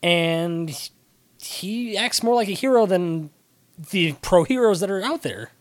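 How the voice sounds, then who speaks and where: Young dude podcast co-host, kinda high voice, quick playful recaps. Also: male voice, expressive, no echo. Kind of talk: casual chat.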